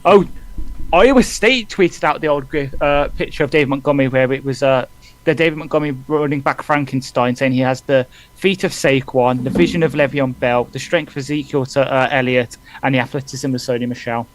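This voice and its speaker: A man co-hosting a live fan stream, reading out stats in a halting way with fillers. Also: mid-range voice. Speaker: fan podcast co-host. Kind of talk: casual live watch-along chat.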